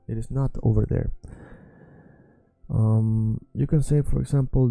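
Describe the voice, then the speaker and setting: A man teaching a language lesson, repeating phrases slowly and patiently. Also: mid-range voice, vocal fry, mellow, no echo.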